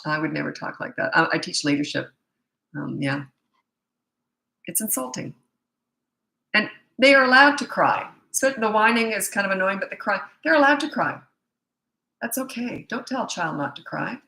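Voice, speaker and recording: A woman's voice: mid-range voice, sing-song, moderate pace, gravelly, long pauses, sharp tone. A middle-aged woman, a parenting coach, bluntly and emphatically answering viewer questions in a live Q&A session. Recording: echoey room.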